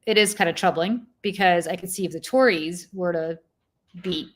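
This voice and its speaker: A woman with a slightly low voice co-hosts a casual talk stream. She talks current affairs in an opinionated way, padding her points with "um" and "like.". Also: normal speed. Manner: opinionated, hedging with fillers. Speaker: co-host of a live chat show.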